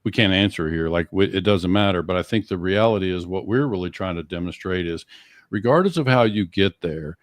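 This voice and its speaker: A man's voice: low-pitched, fairly quick, no echo. A man co-hosting a podcast, summarizing and questioning his guest in a reflective way with restarts. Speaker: podcast co-host and coach. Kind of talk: podcast interview.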